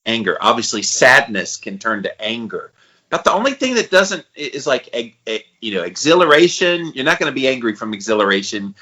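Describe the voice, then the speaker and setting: A man in his forties co-hosting a podcast, thinking out loud and steering the chat with questions. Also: medium pitch, sing-song, brisk, rough recording. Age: 40s. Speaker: podcast co-host.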